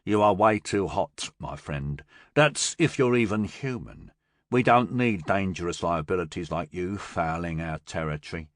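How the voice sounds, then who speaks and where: A man voicing a cold, menacing male gang boss in an audiobook, speaking slowly and calmly. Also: low-pitched, no room sound, clean studio sound, voice pushed down. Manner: slow, calm and threatening. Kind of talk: audiobook character voice.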